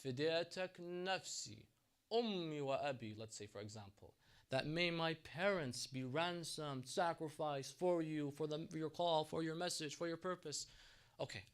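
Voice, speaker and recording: A man delivers a religious lecture in a mosque. His voice sits a little high for a man and moves between hushed, grieving stretches and loud, pleading outbursts. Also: normal speed, clean tone. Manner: impassioned, swings from soft to loud and back. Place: mosque hall.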